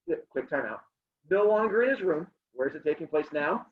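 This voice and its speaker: A male teacher reads a story to his class over a video call and breaks off for playful jokes with the students. His voice sits high and swoops widely up and down. The call audio is muffled and low-fidelity. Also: animated, a little fast. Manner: playful, joking asides to students. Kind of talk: reading a story aloud to a class. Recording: dull lo-fi sound.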